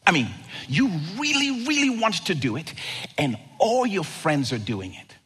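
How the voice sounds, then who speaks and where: Male pastor, conversational sermon; lively pitch, slow measured pace. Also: breathy edge. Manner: animated, conversational preaching with rhetorical questions.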